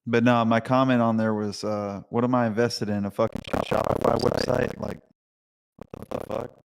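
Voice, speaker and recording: A man ranting excitedly and swearing a lot while chatting on a live voice call. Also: medium pitch, normal speed, creaky, in a large hall, noisy background. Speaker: caller in a live voice chat. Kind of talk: casual chat.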